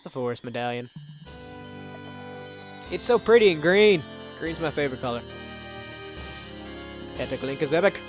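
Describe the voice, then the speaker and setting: A man's voice: on the high side, expressive, normal speed, pauses often, over music. A young man hosting a let's play, giving casual gameplay commentary full of sarcastic, joking asides.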